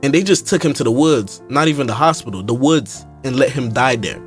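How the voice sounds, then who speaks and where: Young guy, mid-pitch, slang-heavy comic recap over soft music. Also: fairly quick. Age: young adult. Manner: slangy, animated, keeps saying bro. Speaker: YouTuber. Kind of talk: comedic movie reaction commentary.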